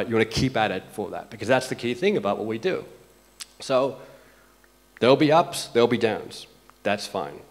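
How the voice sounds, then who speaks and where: A man giving a motivational keynote as an agency founder, telling stories in a conversational way, full of "like" and "right?". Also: medium pitch. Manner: conversational storytelling with frequent "like" and "right?". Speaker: conference speaker and agency founder.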